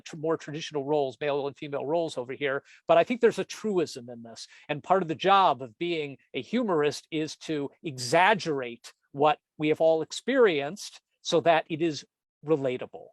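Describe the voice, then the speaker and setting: Guy giving a talk about comics, cracking jokes, kinda high voice, dry close mic, no room sound. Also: dry recording. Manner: jokey asides, animated, self-interrupting. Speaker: presenter, comics editor and cartoonist. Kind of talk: storytelling presentation.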